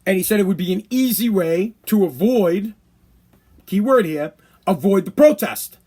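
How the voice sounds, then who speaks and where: Guy ranting on his podcast, pretty high voice, blunt, swears a lot. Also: expressive, moderate pace, dark tone, slightly rough. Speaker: podcast host. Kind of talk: casual opinion podcast monologue.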